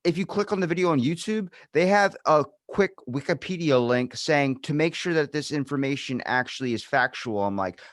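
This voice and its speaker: A man's voice: a little high, expressive, moderate pace, hardly any pauses, dry recording, clean studio sound. A man hosting a podcast from Maryland, chatting casually and telling jokey stories with swearing. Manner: joking, storytelling, swearing. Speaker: podcast host. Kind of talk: casual chat.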